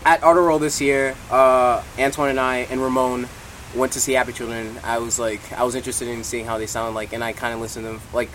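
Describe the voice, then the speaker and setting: A man's voice: mid-range voice, flat delivery, quick pace, fairly bright tone, a little hiss or hum, rough recording. A teenage boy in a band, telling a story in an easygoing way and laughing easily in an interview. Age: teens. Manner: laid-back, laughs easily, quotes people. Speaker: band member guest.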